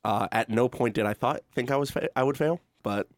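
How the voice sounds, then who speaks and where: Fast-talking man on a podcast. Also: mid-range voice, dry recording, clean studio sound. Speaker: podcast co-host. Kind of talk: casual podcast chat.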